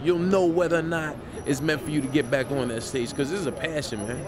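A man's voice: fairly high pitch, fast talker, noisy background. A man speaking reflectively in an interview about his comedy career, recorded outdoors.

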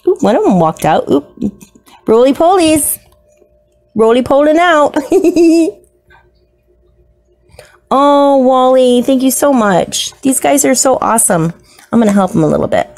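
High, lively-voiced woman cooing over pets. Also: measured pace, long pauses, faint music behind. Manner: gushing, coos baby talk at her pets. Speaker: isopod hobbyist vlogger. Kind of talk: casual unboxing narration.

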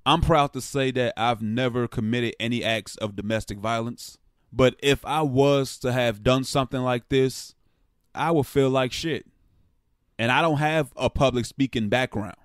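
A man's voice: mid-range voice, moderate pace, no room sound, clean studio sound. Blunt, passionate man talking sports. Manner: blunt and frank, with profanity; passionate, rising emphasis. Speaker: sports vlogger. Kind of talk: casual opinion commentary.

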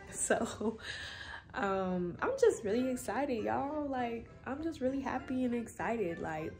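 A woman's voice: on the high side, expressive, takes it slowly, faint music behind. A young woman chatting casually to her viewers in a phone vlog from her bedroom, loose and slangy, swearing freely. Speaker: vlogger. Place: bedroom at home. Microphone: phone camera.

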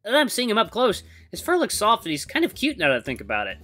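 A game streamer voicing the bewildered, flustered castaway hero of a visual novel, with high, excited exclamations. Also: fast talker.

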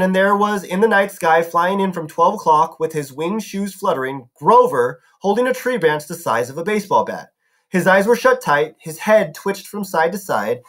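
A man's voice: on the high side, fairly bright tone. A man reading a novel aloud as a narrator, now and then correcting himself. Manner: narrating with some self-corrections. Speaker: audiobook reader.

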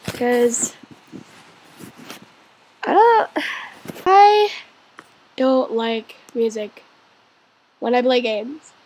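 A woman hosting a let's play, chatting excitably as she plays, cheering her character on and sometimes dropping into a whisper. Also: high-pitched, very slow, long pauses. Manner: drops into whispers now and then. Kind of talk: gaming commentary.

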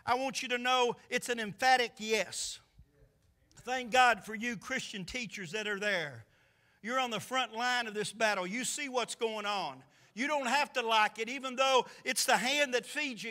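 High, bright-voiced preacher. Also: male voice, moderate pace. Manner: impassioned preaching with rhetorical questions. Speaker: pastor. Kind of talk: sermon. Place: church sanctuary.

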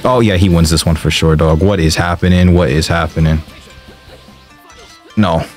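A young man commenting on his own gameplay, excitable and slangy, often yelling and trash-talking the game as he plays. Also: sits low, a little fast, faint music behind. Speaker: gaming streamer.

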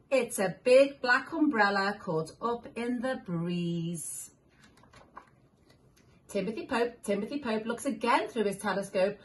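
A woman reading picture books aloud to young children, animated, making animal sounds and asking the listener questions. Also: fairly high pitch, slow pace. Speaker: children's story reader.

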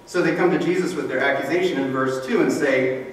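A man preaching a sermon in a relaxed, conversational way, explaining scripture and briefly acting out the people he quotes. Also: mid-range voice, a little fast. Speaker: pastor. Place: church sanctuary. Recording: roomy echo from a distant mic with faint noise.

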